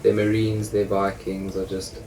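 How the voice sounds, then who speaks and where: A man's voice: low voice, monotone, measured pace, darkish tone, recorded from a distance. Laughing man commentating a game, echoey. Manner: amused, laughing often. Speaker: gameplay commentator.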